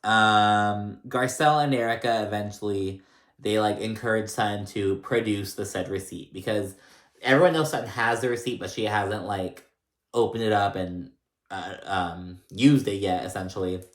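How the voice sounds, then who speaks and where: A man's voice: on the low side, fairly even intonation, normal speed. A man casually recapping a reality show, gossipy and blunt, with lots of "like" and swearing. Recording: echoey room.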